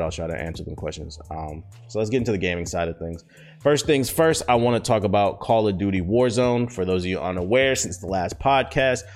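An American man hosting a solo podcast, talking loosely with lots of fillers and swearing, swinging between excited bursts and low mutters. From United States. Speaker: podcast host. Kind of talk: casual solo podcast monologue.

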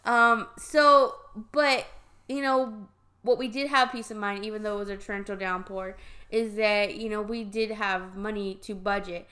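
A woman who works as a teacher, co-hosting a casual chat podcast, relaxed and chatty, adding corrections and asides. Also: medium pitch, moderate pace.

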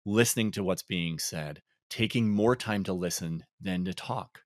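A man co-hosting a podcast in casual chat, relaxed and reflective, with frequent ums and laughs. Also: sits low, moderate pace, dry recording, clean studio sound. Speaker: podcast co-host.

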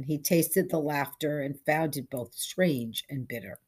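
Husky, low-toned woman narrating a story. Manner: measured, steady storytelling. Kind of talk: scripted narration of a short story.

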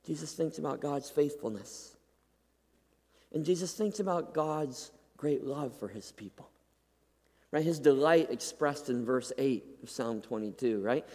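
A man preaching a sermon, swinging from loud, pleading peaks to hushed, near-whispered drops, often checking in with "right?". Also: medium pitch, unhurried. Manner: emphatic, dramatic rises and hushed drops, repeats "right?". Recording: long hall reverb.

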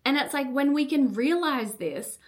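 A young woman hosts a solo coaching podcast with a fiery, unfiltered delivery. Her voice sits a little high. She swears freely and strings her sentences together with "like". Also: expressive, a little mellow. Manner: fiery, swears often, fast fillers with "like". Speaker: podcast host and business coach. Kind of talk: solo motivational podcast monologue.

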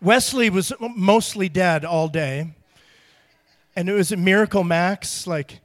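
A man's voice: high voice, unhurried, a bit bright. A middle-aged man preaching a sermon as pastor, in a conversational style that acts out quotes with strong emphasis.

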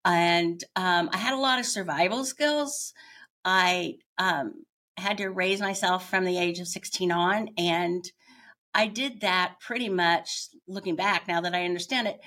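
A middle-aged woman, a podcast guest, telling her own story in a candid, reflective way and pausing often as she searches for words. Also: on the low side, fairly bright tone. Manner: candid, searching, with frequent pauses.

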